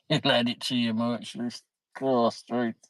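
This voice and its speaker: A man's voice: mid-range voice, level tone, takes it slowly, dry recording, low-quality recording. A middle-aged man, chatting casually on his livestream, reading viewer comments, laughing easily and swearing mildly. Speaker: livestream host.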